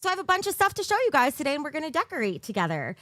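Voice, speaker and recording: A woman's voice: sits high, very animated, very fast, fairly bright tone, dry recording, studio quality. A woman live-streaming from her bedroom, chatting casually with her viewers on a desk mic and giggling often.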